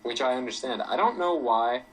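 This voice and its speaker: A young man co-hosting a casual football chat in a relaxed, laid-back way. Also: mid-range voice, moderate pace, rough recording. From United States. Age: young adult. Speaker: co-host.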